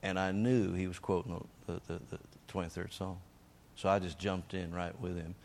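Lower-pitched man preaching a lively testimony. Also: normal speed, slight background noise. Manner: energetic, emphatic storyteller who acts out shouted quotes. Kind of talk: sermon testimony storytelling.

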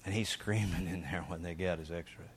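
Lower-pitched man preaching a lively testimony. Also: moderate pace, a little hiss or hum. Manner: energetic, emphatic storyteller who acts out shouted quotes. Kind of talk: sermon testimony storytelling.

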